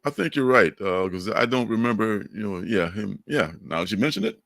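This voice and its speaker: An older man with a low voice chats loosely on a livestream, his pitch swinging up and down as he gets excited. He rambles, laughs a lot and sounds close and dry, with no room around him. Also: fairly quick, vocal fry, dry recording. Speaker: livestream co-host. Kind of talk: casual chat.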